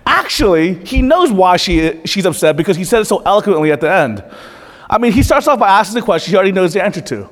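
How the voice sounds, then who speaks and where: Preaching in a church full of long hall reverb, this pastor speaks in a high-pitched, sing-song voice at a fast clip. His sermon is earnest and direct, and he often turns questions on the congregation.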